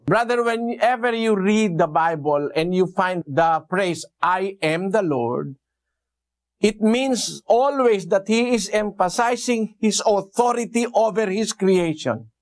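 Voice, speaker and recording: A male preacher expounds scripture at an unhurried pace, his voice sitting noticeably high. He pauses on fillers and tosses rhetorical questions at his listeners. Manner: slow, deliberate, with hesitant fillers and rhetorical questions. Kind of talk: bible exposition sermon.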